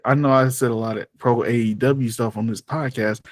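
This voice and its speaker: A man's voice: medium pitch, fairly even intonation, moderate pace, no echo. A man hosting a podcast in casual chat, laid-back, laughing often and ending lines with "bro". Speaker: podcast host.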